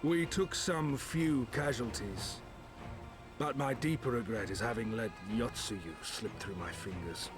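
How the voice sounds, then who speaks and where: A man's voice: medium pitch, unhurried, close to an everyday voice. An actor playing a grave, blunt male commander in a game, over game music.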